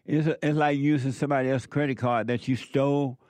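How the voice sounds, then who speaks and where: A man's voice: medium pitch, fairly even intonation, a little fast, darkish tone, no echo. A man preaching a sermon, emphatic and repetitive as he addresses a live audience.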